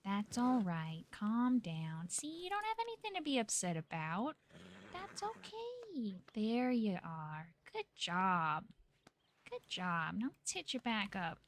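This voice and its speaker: A woman voicing a naive, friendly young frontier woman in a role-play game, talking in a folksy drawl and coaxing animals gently. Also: mid-range voice, expressive, moderate pace, hardly any pauses, natural voice. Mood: soothing. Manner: folksy drawl with ain't and gotta.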